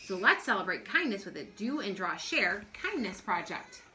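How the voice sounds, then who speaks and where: A woman's voice: medium pitch, very animated, moderate pace, bright, forceful tone. A woman reading aloud the lines of a kind, encouraging female schoolteacher in a storybook.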